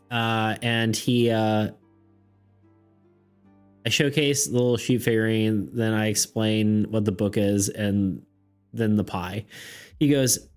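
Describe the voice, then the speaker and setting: A man's voice: on the low side, unhurried, faint music behind. A man narrating a streamed tabletop game as game master, rambling, laughing often and using many fillers.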